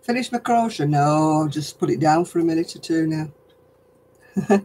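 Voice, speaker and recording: In a low, warm, expressive voice, a woman from Lancashire, England, speaks unhurriedly in a broad local accent. She crochets on a craft livestream, chatting homely and responding to viewer comments, though the audio is poor.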